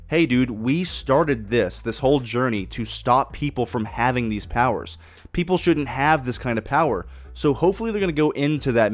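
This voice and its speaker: A solo podcast host talks casually and with real enthusiasm, swearing a lot, rambling and restarting his sentences. His voice is mid-range, with no room sound in the recording.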